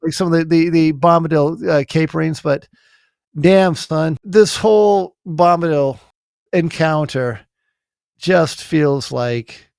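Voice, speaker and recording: A man co-hosting a podcast in casual chat, excitable and often stumbling over his words. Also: a little high, slow, gravelly, smooth, no room sound, clean studio sound. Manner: excitable, stammering restarts. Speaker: podcast co-host.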